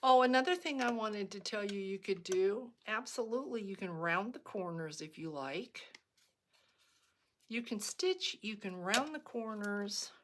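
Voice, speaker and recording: Slow-talking chatty craft host woman. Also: mid-range voice, lively intonation, a little hiss or hum. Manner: chatty and rambling, with frequent ums and restarts. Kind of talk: casual craft tutorial.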